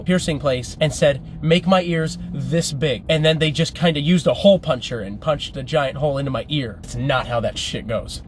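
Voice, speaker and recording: A chatty man recounts a story in casual vlog style, breaking into laughs as he talks. His voice sits a touch high, recorded in a car with a faint background hum. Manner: chatty, laughs while telling. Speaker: vlogger.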